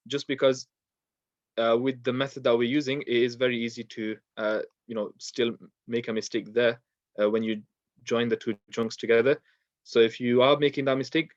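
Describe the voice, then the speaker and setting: A man teaching a Quran pronunciation lesson, patiently explaining mistakes and repeating words slowly for practice. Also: mid-range voice, dry recording. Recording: dull, dry lo-fi sound.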